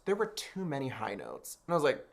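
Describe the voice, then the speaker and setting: A man in an interview, retelling his story in an expressive, chatty way. He keeps saying "I was like" and acts out what others said, his voice jumping high as he quotes them. His voice sits at a middle pitch. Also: a little fast, gravelly. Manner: chatty, many "I was like" and "like" fillers. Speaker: interview guest. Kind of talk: animated storytelling.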